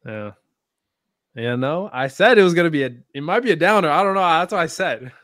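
A man's voice: fairly high pitch, animated, fairly quick, fairly bright tone, no room sound, clean studio sound. A man co-hosting a casual livestreamed podcast, thinking aloud in a loose, hesitant, profane way. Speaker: podcast co-host posing the question.

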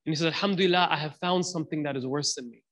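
A man hosting a podcast conversation, telling a story in an animated way and acting out quotes with Arabic phrases mixed in. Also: fairly high pitch, racing, in a large hall. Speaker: host.

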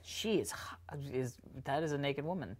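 A man's voice: a little high, lively intonation, normal speed. A man co-hosting a casual chat show, chiming in with joking, teasing remarks. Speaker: co-host.

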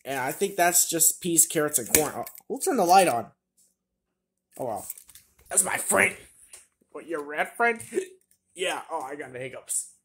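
A woman's voice: low voice, unhurried, long pauses, slightly rough. Giddy woman voicing toy characters. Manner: giddy, shrieking bursts of excitement. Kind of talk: toy play-acting with several characters.

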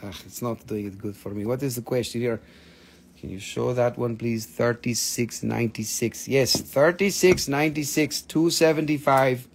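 A man's voice: mid-range voice, normal speed, a little hiss or hum. Swearing, joking man selling rocks live. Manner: joking, blunt, swears freely, non-native phrasing. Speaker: live-stream seller of minerals. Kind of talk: casual live sales stream.

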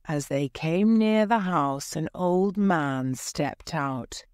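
A woman narrating a graded-reader audiobook in clear, deliberate storytelling. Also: low voice, darkish tone, no echo, clean studio sound.

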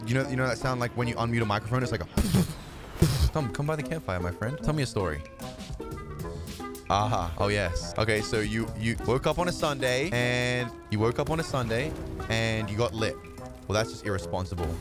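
A man's voice: medium pitch, brisk. A young man hosting a gaming video, bantering teasingly with strangers and laughing often. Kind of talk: casual gameplay banter with strangers. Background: background music.

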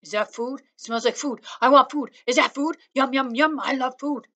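A woman reading aloud and voicing an excited, food-obsessed pet dog that barks out its words. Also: sits high, normal speed, pitched above the performer's own voice. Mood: greedy excited. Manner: loud, eager and barking.

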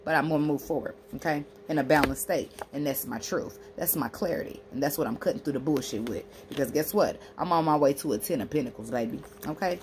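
A woman's voice: sits low, fast, hardly any pauses, background noise. A woman giving a tarot card reading, talking to the viewer in a brash, profane, emphatic way. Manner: animated, acting out imagined speech in a sassy tone. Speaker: tarot reader and spiritual healer.

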